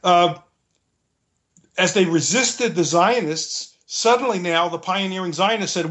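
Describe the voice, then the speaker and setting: A man's voice: sits high, measured pace, a bit bright. A man as an interview guest, explaining in a conversational way, earnest and restating his points as he searches for words.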